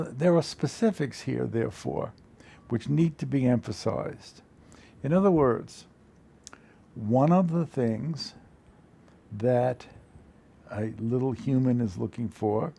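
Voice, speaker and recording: An older man, a therapist, giving a measured, reflective lecture, repeating phrases and building lists for emphasis. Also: medium pitch, vocal fry, warm tone, breathy edge.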